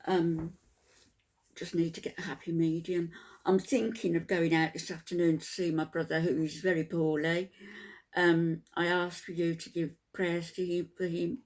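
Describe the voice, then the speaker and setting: An older woman, softly spoken and tired after a sleepless night, chatting to her viewers in a halting way with many ums. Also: lowish voice, level tone. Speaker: vlogger. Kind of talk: casual chat to camera.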